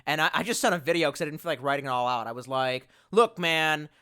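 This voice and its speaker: Profane rambling young man, bright voice. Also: medium pitch, very fast, clean tone. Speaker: livestream host. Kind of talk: casual livestream chat. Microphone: bluetooth headset.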